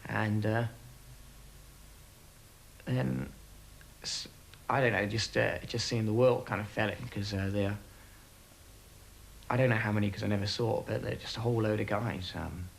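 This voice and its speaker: A man who served as aircrew, recalling events in a documentary interview in a halting way, with many pauses and fillers. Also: lowish voice, steady tone, creaky, slight background noise, poor audio. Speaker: former RAF aircrew interviewee.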